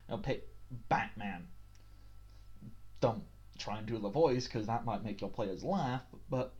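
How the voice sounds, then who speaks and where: A man's voice: lowish voice, a little slow, pauses often, darkish tone. A British man giving tabletop game master tips in a chatty, self-deprecating way, on a dull lo-fi recording. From Britain. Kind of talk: casual tips video.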